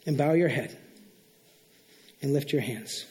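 A middle-aged male pastor preaching a sermon in an earnest, animated way, acting out sample prayers aloud. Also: medium pitch, a little slow.

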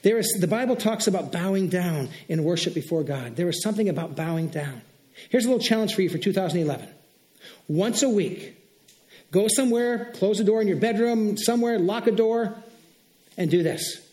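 A middle-aged male pastor preaching a sermon in an earnest, animated way, acting out sample prayers aloud. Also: high-pitched, a little fast.

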